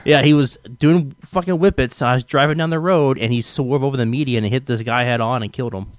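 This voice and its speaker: Casting: quick, rambling guy, casual chat, close dry sound. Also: mid-range voice, no room sound. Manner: rambling, full of fillers and swearing.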